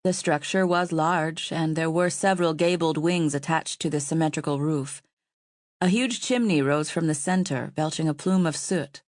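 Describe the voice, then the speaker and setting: A woman narrating an audiobook in a calm, even storytelling manner. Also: low voice, normal speed, no room sound, studio quality. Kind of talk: scripted narration.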